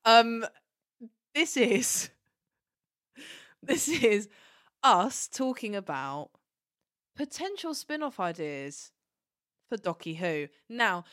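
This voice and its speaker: A woman's voice: fairly high pitch, sing-song, very slow, pauses often, a bit bright. A woman hosting a podcast in casual chat, talking in a chatty, rambling and giggly way. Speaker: podcast host. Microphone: studio podcast mic.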